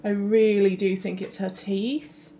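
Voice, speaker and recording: A woman's voice: mid-range voice, little pitch movement, unhurried, mellow. A young woman, a first-time mum chatting casually through a home vlog in her kitchen and often turning to coo at her baby. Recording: home recording with background noise.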